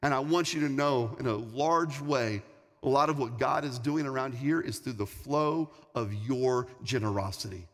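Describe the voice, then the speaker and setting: A man's voice: medium pitch, moderate pace, a bit bright. A male pastor preaching a sermon in a large church hall, talking in a conversational, repetitive, storytelling way. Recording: long hall reverb, faint music.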